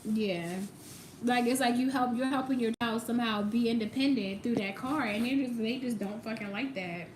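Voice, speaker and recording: A woman's voice: on the high side, moderate pace, reverberant, background noise. A woman doing a casual tarot reading, talking straight to the viewer with emphasis and casual swearing. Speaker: tarot reader.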